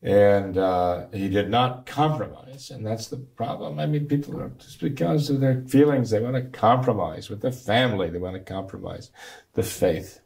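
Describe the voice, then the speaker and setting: A man, a priest, talking earnestly in an interview with a gravelly, recovering voice and preaching restarts. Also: lowish voice, moderate pace, darkish tone. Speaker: priest guest. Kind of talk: talk show interview.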